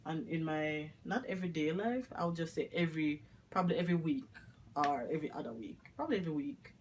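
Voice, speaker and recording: Woman, Jamaican accent, casual vlog chat, rambling, patois mixed in, lowish voice. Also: animated, quick pace, slight background noise. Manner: chatty, rambling, mixes in patois. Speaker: vlogger.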